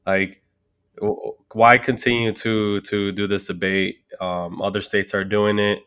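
A veteran man sharing his opinion in casual podcast talk, halting and full of fillers. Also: on the low side, level tone, a bit bright, clear, resonant tone. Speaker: military veteran podcast guest.

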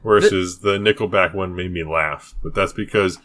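Male podcast co-host, somewhat low voice, laid-back and quick to laugh. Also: a bit bright. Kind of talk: casual chat.

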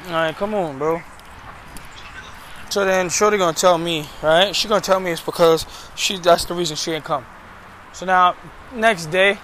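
Young man, slightly high voice, slangy, venting, casual vlog, faint outdoor noise. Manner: slangy, venting, frank and animated. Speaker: vlogger. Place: outdoors, in and around a car.

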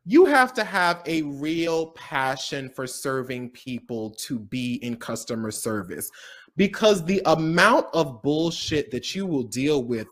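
A young man co-hosting a casual talk show, swearing freely and laughing through his stories. He tells his anecdotes with lively energy. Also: on the high side, measured pace. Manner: profane, laughing, animated storyteller. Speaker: co-host. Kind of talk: casual podcast chat.

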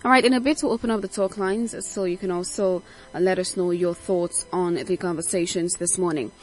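Female radio host, brisk presenter, lower voice. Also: fairly even intonation. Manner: brisk, steering the conversation. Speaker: radio talk show host. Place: radio studio.

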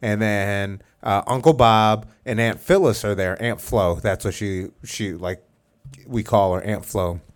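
Male podcast host, lowish smooth voice, rambling casual storyteller. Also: a little slow. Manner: rambling storyteller, many fillers and restarts.

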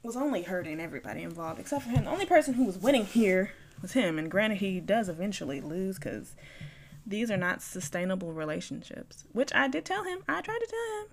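A woman's voice: medium pitch, very animated, a little fast, slight background noise. A young woman hosting a podcast, candidly telling a personal story, swearing freely and acting out both sides of the conversations. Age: young adult. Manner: swings from quiet mumbles to loud bursts. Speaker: podcast host.

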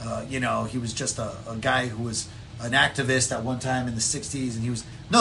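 A man co-hosting a casual political chat podcast, telling stories in a rambling way and doing quick voices for the people in them. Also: medium pitch, gravelly, a little hiss or hum. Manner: rambling, animated storytelling with voiced impressions. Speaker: podcast co-host.

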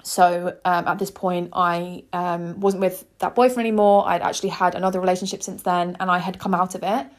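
A woman's voice: lowish voice, flat delivery, a little fast, few pauses. Earnest young woman telling a story. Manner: earnest, heartfelt, chatty with many "like"s. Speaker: podcast host. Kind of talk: personal storytelling monologue.

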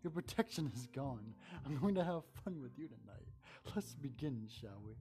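A man's voice: mid-range voice, expressive, normal speed, warm tone, faint music behind, close to an everyday voice. A man voicing a cruel, vengeful hooded monster man who speaks with a sneering, threatening manner. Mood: menacing.

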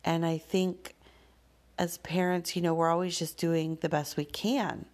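A woman speaks slowly and unhurriedly, her voice sitting a little low. She shares a personal parenting story in a candid, reflective way, pausing with soft fillers and the odd sigh. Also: little pitch movement. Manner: candid, slow and thoughtful, with soft fillers and sighs.

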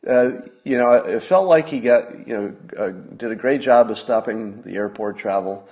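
A man's voice: mid-range voice, normal speed, darkish tone. A man hosting a solo podcast, talking casually in a wry manner, with asides and restarts. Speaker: podcast host.

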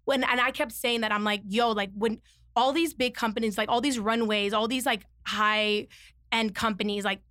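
A woman's voice: on the high side, fairly even intonation, normal speed, a bit bright, dry recording, clean studio sound. A woman telling a story in casual chat, slangy and rambling with lots of fillers.

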